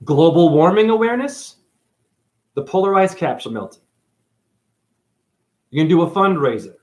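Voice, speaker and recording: A man from New England giving a profane, sarcastic monologue to camera, swinging between loud outbursts and near-whispers. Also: fairly high pitch, big pitch swings, normal speed. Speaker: spiritual video host.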